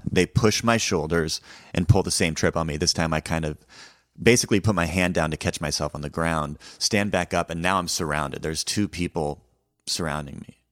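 A comedian with a very low voice tells a personal story in a deadpan, self-mocking way. His delivery is conversational, and the sound is dry and close with no room echo.

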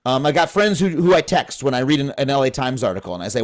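A man's voice: medium pitch, sing-song, fast talker. A man in his thirties, a comedian guest on a podcast, talking in an impassioned, profane, rambling way. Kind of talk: animated podcast conversation.

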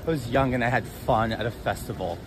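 A man's voice: medium pitch, a little fast. A man dismissively answering reporters' questions, played from a news clip. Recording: noisy outdoor street news clip.

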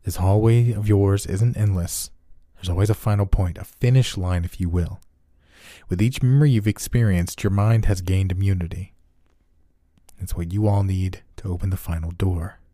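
Man doing a clinical, manipulative doctor for a horror reading: very low, mellow, level-headed. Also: steady tone, moderate pace, dry recording, clean studio sound. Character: cold, secretive male doctor running experiments.

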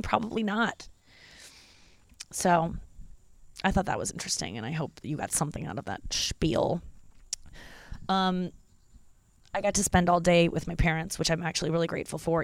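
Clear and resonant, this mid-range voice comes through a dry recording of a solo podcast. The host, in their thirties and from around St. Louis, rambles confessionally and candidly with lots of filler words.

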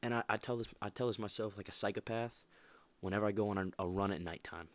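Deep-voiced young man, emphatic podcast host. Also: fairly even intonation, fast talker. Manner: emphatic, rambling with many restarts and fillers. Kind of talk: casual motivational monologue.

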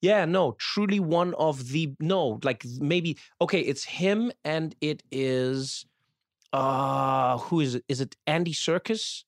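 A man from South Africa, a podcast guest, chatting casually and lively, often slipping into voices of the people he describes. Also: on the high side, slow, no echo, studio quality. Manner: animated storyteller, slips into voices of people he describes.

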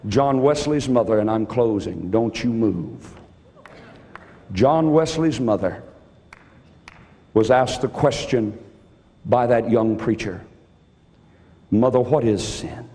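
High-voiced pleading preacher. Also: male voice, a little hiss or hum. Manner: pleading, swings from hushed near-whispers to shouted exhortation. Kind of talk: sermon. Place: large church hall. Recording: long hall reverb.

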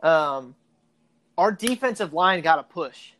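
A podcast co-host in casual sports talk, chatty and animated, arguing points at length. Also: mid-range voice, slow pace, slight background noise.

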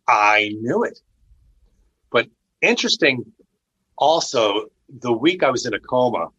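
A man recounts a personal experience in casual, earnest speech that often restarts mid-sentence. His voice is forceful and somewhat husky. The recording sounds dull and lo-fi. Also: fairly low pitch. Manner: earnest, conversational, with frequent restarts. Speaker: storyteller sharing personal testimony. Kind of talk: casual spoken storytelling.

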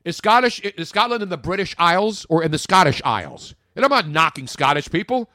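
Brief: male sports talk co-host, slightly high voice, ranting and jokey, dry close sound. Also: very animated, fairly quick, bright, forceful tone, no echo. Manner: ranting, jokey, big swings in pitch. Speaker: podcast co-host. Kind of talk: casual sports talk radio banter.

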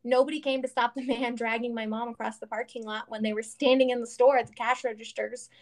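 A woman's voice: a little high, quick pace, crowd noise. A woman in her thirties, co-hosting a casual chat and telling stories earnestly, with lots of fillers. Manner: earnest, animated storytelling with many fillers.

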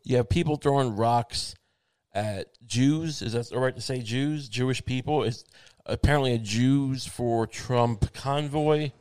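A man's voice: mid-range voice, measured pace, darkish tone, clean tone, dry recording, studio quality. A man hosting his show in a meandering, wry casual monologue, thinking aloud with many restarts. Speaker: show host.

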